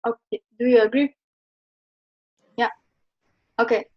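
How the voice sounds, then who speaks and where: A woman's voice: fairly high pitch, steady tone, unhurried. A woman from Slovenia teaching Chinese pronunciation over a video call, patiently repeating each sound for her students. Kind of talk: online pronunciation lesson. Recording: muffled video-call audio.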